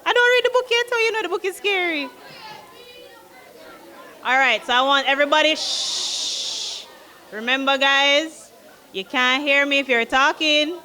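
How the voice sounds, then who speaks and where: A woman's voice: sits high, expressive, measured pace, pauses often, sharp tone. A woman, a guest reader, chatting playfully with children before reading a storybook aloud.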